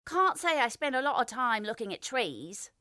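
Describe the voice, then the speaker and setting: A blunt, hard-drinking female gunfighter in a fantasy audiobook, lazy and brash in her delivery, as a woman narrator puts her on. The voice swings freely in pitch and sounds dry and close. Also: very animated, normal speed, bright, forceful tone, no room sound.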